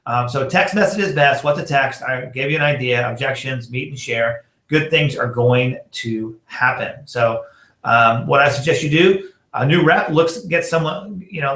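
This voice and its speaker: A man's voice: mid-range voice, moderate pace, a bit bright, reverberant. A man giving a casual sales training talk, chatty and full of fillers, acting out text message exchanges as he goes. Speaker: network marketing trainer.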